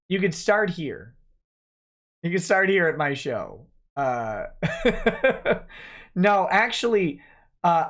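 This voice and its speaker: Male lawyer host, slightly high voice, casually reading and answering chat. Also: a bit bright. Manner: reads chat messages aloud and replies offhand. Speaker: livestream host reading viewer chats.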